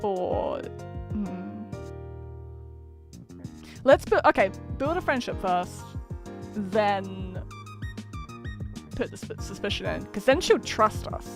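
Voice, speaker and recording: A woman's voice: medium pitch, expressive, takes it slowly, creaky, pauses often, music in the background. Giggly woman streamer reading a game aloud. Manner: giggly, chatty, self-deprecating.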